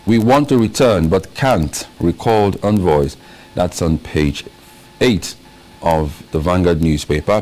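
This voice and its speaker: A lowish-voiced man reads the day's newspaper headlines on a morning show. He speaks in short, clipped bursts, adds quick asides and laughs easily with his co-host in the studio. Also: darkish tone, poor audio. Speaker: radio and TV newspaper review host. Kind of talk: reading headlines and casual studio chat. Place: broadcast studio.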